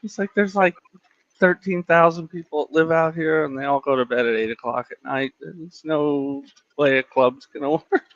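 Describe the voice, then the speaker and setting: A man's voice: a little high, moderate pace, no room sound. Easygoing American man, dry lo-fi sound. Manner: easygoing, laughs along. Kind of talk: casual chat. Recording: dry dull lo-fi audio.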